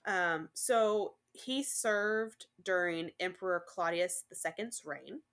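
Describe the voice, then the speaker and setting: A woman's voice: on the low side, slow, a bit bright, clear, resonant tone. Chatty woman podcaster reading notes. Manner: chatty, reads notes with many ums. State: dry throat. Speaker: podcast co-host. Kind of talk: casual chat.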